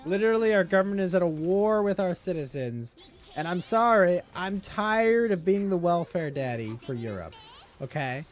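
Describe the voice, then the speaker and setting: A man's voice: high-pitched, lively intonation, normal speed. A man hosting a casual stream, ranting and mocking in a crude, joking way with bursts of laughter. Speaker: streamer host. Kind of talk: casual livestream chat.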